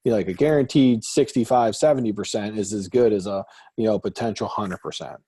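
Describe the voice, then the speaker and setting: A man leads a casual group call as a coach, telling it straight with lively, animated delivery and the odd curse. His voice is warm and a little husky, with no room sound around it. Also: lowish voice, brisk, no echo. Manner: blunt, animated storyteller who swears casually. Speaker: host and real estate coach. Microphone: group call audio.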